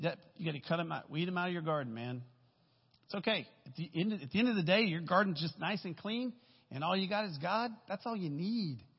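In an echoey church sanctuary, a guest speaker in his fifties gives a conversational sermon, telling stories and dropping folksy asides in a relaxed way. He has a slightly high, husky voice, and the recording sounds dull and lo-fi.

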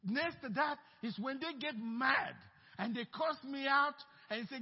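A male pastor preaching an animated, emphatic sermon and calling out for amens. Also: extremely high pitch, normal speed. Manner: animated, emphatic preaching with call-outs for amen. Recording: muffled recording with long hall reverb.

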